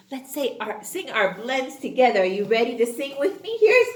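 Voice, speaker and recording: A woman teaching young children phonics in a slow, exaggerated sing-song manner, full of praise. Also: high-pitched, big pitch swings. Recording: echoey room.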